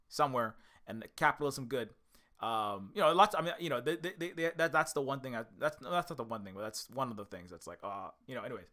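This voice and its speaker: In a pushed, bright, medium-pitched voice, an American indie game developer and channel host rambles casually about an old film. He keeps correcting himself and starting his sentences over.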